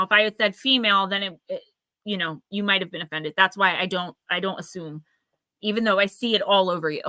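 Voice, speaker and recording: Hosting a live intuitive tarot reading, a New Jersey woman in her forties speaks in a pushed, bright mid-range voice with no room sound. She's chatty, calls out viewers by name, and slips in fast side comments.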